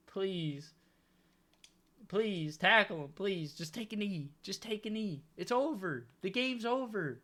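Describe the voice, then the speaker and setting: Bright-voiced young man pleading over a game. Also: high-pitched, expressive, takes it slowly. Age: young adult. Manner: exasperated, pleading, comic complaining. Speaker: gaming YouTuber. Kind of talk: live game commentary.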